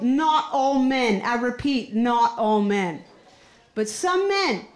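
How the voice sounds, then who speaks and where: A Canadian woman doing a stand-up comedy set in a club, telling stories animatedly and acting out characters. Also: high-pitched. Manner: animated storytelling, acts out characters. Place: comedy club stage before a laughing crowd. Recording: roomy club with crowd laughter.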